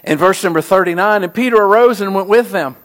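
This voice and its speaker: A middle-aged man, a pastor, preaching a sermon with animated storytelling that rises to emphatic peaks. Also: high voice, fast talker.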